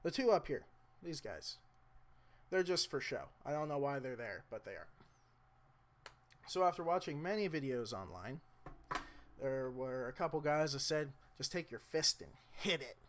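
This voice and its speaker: A man's voice: mid-range voice, expressive, normal speed, long pauses, slight background noise. A young man casually explaining a motorcycle repair in a rambling, self-deprecating way, talking to the camera mic as he works. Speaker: motorcycle vlogger. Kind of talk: casual how-to vlog.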